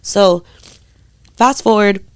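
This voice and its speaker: A young woman co-hosting a chatty podcast, telling a story with lots of energy. She swears freely and slips into the voices of the people she quotes. Her voice sits at a middle pitch, recorded close and dry with almost no room sound. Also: slow pace, clean tone, no echo. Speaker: podcast co-host. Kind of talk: casual storytelling chat.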